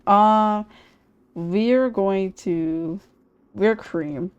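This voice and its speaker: A woman streaming a game, excitable and casual, swearing freely and laughing often. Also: fairly low pitch, measured pace, muffled recording.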